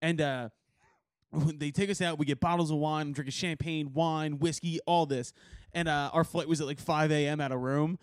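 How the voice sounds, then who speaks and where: A man with a high voice rambles through a story in slangy podcast chat, breaking into laughter often. The sound is close and dry, with no room around it. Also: fairly even intonation, normal speed, clear, resonant tone, no room sound. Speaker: podcast host. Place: podcast recording.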